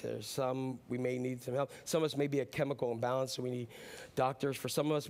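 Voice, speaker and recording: Man preaching, loud then hushed. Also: medium pitch. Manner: swings between loud preaching and soft hushed asides; casual and chatty, with frequent ums. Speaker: pastor. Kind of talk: sermon.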